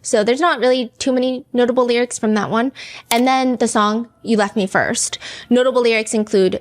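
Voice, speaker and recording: A woman's voice: a little high, fairly even intonation, normal speed. A woman hosting a true-crime podcast in an easygoing, chatty way. She talks through the story casually and reads lyrics and online comments aloud as she goes. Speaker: podcast host.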